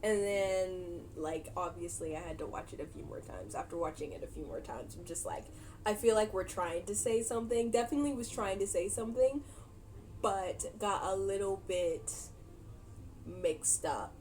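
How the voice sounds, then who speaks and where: A woman's voice: medium pitch, moderate pace, darkish tone, slight background noise. A young woman casually recapping a movie for her vlog, chatty and giggly, animating her retelling. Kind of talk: casual chat.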